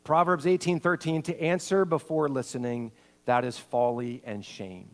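A male pastor preaching a sermon, swinging between loud, acted-out quotes and hushed, intimate passages. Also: mid-range voice, fairly even intonation, normal speed.

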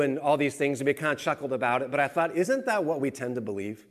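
A man preaching a sermon, swinging from quiet, low emphasis to rising, animated exclamation. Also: quick pace. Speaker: pastor.

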